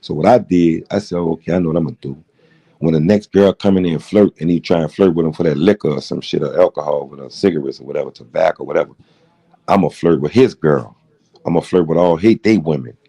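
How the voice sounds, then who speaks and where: A middle-aged man rants through a late-night livestream, his voice deep and dark. He rambles from one point to the next and swears freely as he tells his story. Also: fairly quick, vocal fry, breathy edge. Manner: rambling, profane, heated storytelling. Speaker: livestream host.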